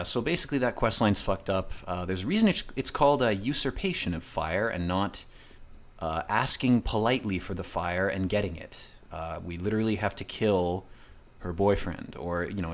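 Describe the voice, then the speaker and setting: Man, thirties, gamer commentary, profane, rambling jokes, lively pitch. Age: 30s. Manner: profane, jokey, rambling asides. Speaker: video game streamer. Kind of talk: comedic let's-play commentary.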